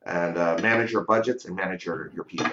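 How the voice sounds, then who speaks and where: A real estate investor, a guest in a casual interview, tells a story in a deep voice, talking fast with a pushed, bright tone and sprinkling in "you know" and "right?" conversationally. There is slight background noise, and the audio is dull and lo-fi in a roomy space.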